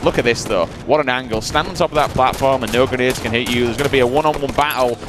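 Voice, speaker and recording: Energetic male esports play-by-play caster. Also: mid-range voice, fast, background noise. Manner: energetic, hyping the crowd. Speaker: esports commentator. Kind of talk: live play-by-play commentary.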